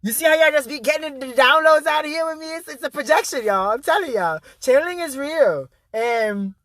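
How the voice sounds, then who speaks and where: This spiritual motivational speaker has a very high, sharp-toned voice recorded without room sound. His vlog monologue is intense and emphatic, full of free swearing and repeated key phrases.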